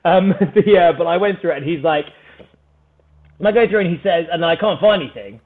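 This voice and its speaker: A man, a podcast guest, telling a story in a casual, animated, self-mocking way and laughing often. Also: sits high, brisk. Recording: phone-like narrow band.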